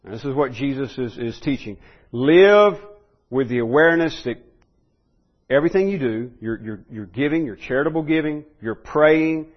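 A man teaching a conversational sermon, trailing off into soft asides and stumbling over repeated words, then pushing up to loud emphatic peaks. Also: mid-range voice, lively intonation, normal speed, highs cut off. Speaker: preacher teaching a Bible study.

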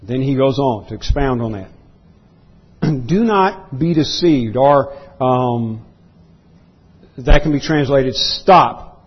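A man preaching an expository sermon as pastor, emphatic, often clearing his throat and repeating words. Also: mid-range voice, lively intonation, slow pace, long pauses, muffled recording. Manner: emphatic preaching that rises into voiced outbursts.

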